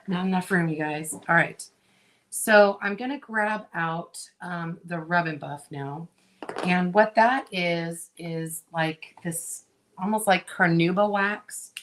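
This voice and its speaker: There's slight background noise as a middle-aged woman, host of a craft video, talks viewers through her project at an unhurried pace. She chats while working, with frequent fillers and small asides, her voice relaxed, conversational and fairly low for a woman.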